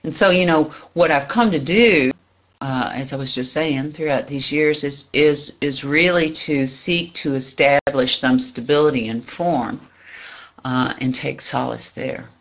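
A man giving a reflective spiritual talk, pausing often, searching for words and laughing softly now and then. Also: mid-range voice. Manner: halting, searching, with soft laughs and frequent pauses. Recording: dull lo-fi recording.

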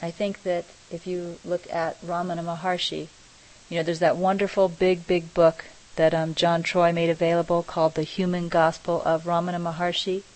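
A middle-aged woman giving a reflective spiritual talk, speaking slowly and softly with many pauses. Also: on the low side, poor audio. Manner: slow, soft, pausing and searching for words. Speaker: spiritual teacher.

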